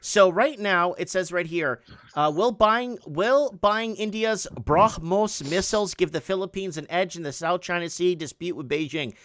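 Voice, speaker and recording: A man's voice: high voice, moderate pace, a bit bright, dry recording. A man hosting a casual call-in show, rambling and reading news headlines aloud with rising emphasis. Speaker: host.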